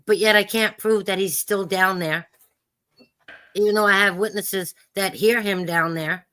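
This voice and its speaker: A woman's voice: medium pitch, fairly even intonation, unhurried, bright, forceful tone, dry recording. A woman from New York with a Brooklyn Italian accent, chatting bluntly and insistently as a guest on a live call-in show. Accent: Brooklyn Italian-American New York. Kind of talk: casual call-in chat.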